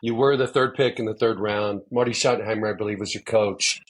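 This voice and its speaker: A man's voice: on the low side, steady tone, a little fast. A man hosting a podcast interview, asking eager, rambling questions. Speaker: podcast host, sports agent.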